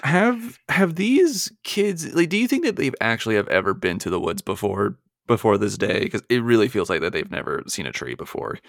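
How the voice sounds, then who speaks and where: A man's voice: lowish voice, very animated, gravelly, no echo, clean studio sound. A man guesting on a podcast, chatting casually and joking about a TV episode. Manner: joking, quick reactions. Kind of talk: casual chat.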